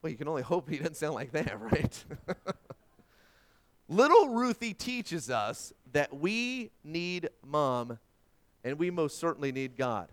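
High-voiced, clear preaching man. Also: big pitch swings, slow pace. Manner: dramatic, swinging from forceful to hushed; emphatic scripture quoting. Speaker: pastor. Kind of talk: sermon.

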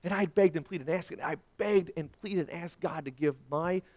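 A man preaching a sermon, telling stories dramatically and repeating words when excited. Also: normal speed. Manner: dramatic storytelling with big swings in pitch and loudness. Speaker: pastor.

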